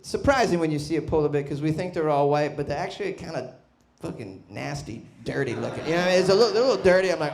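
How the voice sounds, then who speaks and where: A man doing a stand-up comedy set, brash and profane, bursting into loud shouts. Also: a little high, expressive, fast talker, creaky, hardly any pauses. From Boston. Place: comedy club stage.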